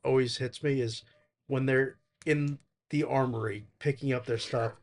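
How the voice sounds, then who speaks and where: Male podcast guest, relaxed and conversational, retelling movie moments. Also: mid-range voice, moderate pace, a crowd in the background. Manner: relaxed storyteller, recounts movie scenes. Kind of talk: casual chat.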